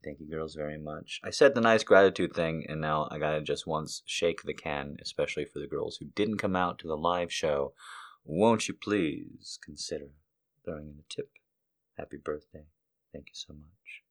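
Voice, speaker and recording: A man's voice: rumbling low, normal speed. A man hosting a podcast, delivering a rambling, profane comedic monologue. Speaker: podcast host.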